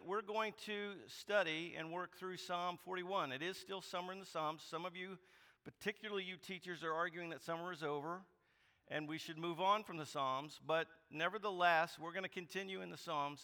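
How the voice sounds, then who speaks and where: A man leads a church service as its pastor, his voice a touch high and notably bright and forceful. He talks in a loose, conversational way, full of ums and small self-deprecating jokes, then reads scripture aloud. A long reverb from the sanctuary trails after every phrase. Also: moderate pace, clear, resonant tone. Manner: conversational, hesitant with frequent ums, light self-deprecating humor. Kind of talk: sermon with scripture reading. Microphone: clip-on or body mic.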